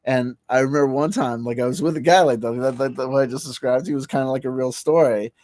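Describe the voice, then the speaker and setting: A man's voice: medium pitch, fairly even intonation, fast talker, a little mellow. A man casually telling a rambling, profane story on a livestream, full of restarts and fillers and laughing as he goes. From New Jersey. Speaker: livestream host.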